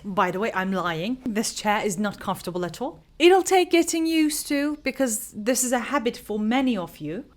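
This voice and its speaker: A young woman, an English teacher giving an unhurried pronunciation lesson to camera, explaining each word with example sentences. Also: a little high. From Turkey.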